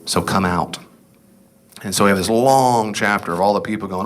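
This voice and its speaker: This is a middle-aged man teaching a casual Bible class in a fairly low voice at a moderate speed. He reads from scripture and talks in a conversational way, asking the class questions and then answering them himself.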